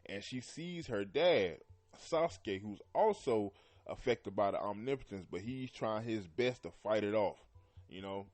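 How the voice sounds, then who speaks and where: A man hosting a podcast, talking loosely about an anime with lots of fillers and frequent throat clearing. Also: fairly low pitch, lively intonation, a little slow, a little mellow. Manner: loose and rambling, heavy with "you know" and "man"; often clears his throat. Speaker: podcast host. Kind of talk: casual anime commentary.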